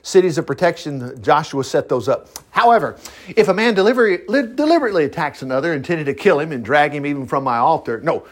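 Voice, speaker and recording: A man teaching from the Bible in a folksy, animated way, breaking off often to joke and comment. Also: fairly high pitch. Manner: folksy, animated, quick to laugh and digress. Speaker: preacher.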